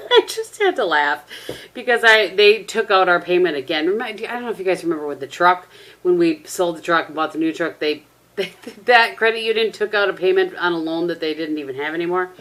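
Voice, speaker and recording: A woman's voice: fairly low pitch, fairly bright tone. A middle-aged woman chatting casually to her camera at home, rambling through stories and laughing often. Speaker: vlogger. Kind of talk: casual vlog chat to camera. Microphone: camera propped on a tissue box.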